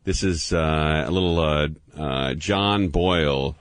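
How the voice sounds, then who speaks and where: A man's voice: rumbling low, slow. A man hosting a live radio show, easygoing and upbeat in his announcer patter. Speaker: radio host. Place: radio studio. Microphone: studio mic.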